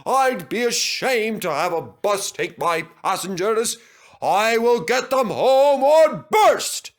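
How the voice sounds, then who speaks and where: A man's voice: sits high, very animated, slow pace, voice pushed up, heavily acted. A man doing a stern old storybook engine. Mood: determined. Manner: firm, scolding.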